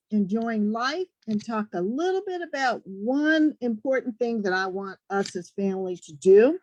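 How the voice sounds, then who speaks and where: A woman doctor acting as resident advisor, giving a steady community briefing. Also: a little high, low-quality recording.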